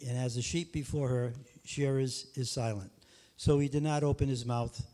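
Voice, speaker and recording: Mellow-voiced man reading scripture. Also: mid-range voice, steady tone, normal speed. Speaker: scripture reader.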